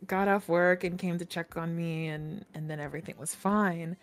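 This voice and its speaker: Lowish-voiced woman telling a story. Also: normal speed, hardly any pauses. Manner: animated, laughs often, swears freely. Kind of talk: casual storytelling chat.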